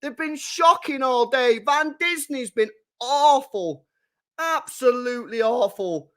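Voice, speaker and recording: Excitable young man reacting live. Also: extremely high pitch, slow. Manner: excitable, bursts into shouts and laughter, chats to viewers. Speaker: streamer hosting a live match watchalong. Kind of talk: live football watchalong reaction.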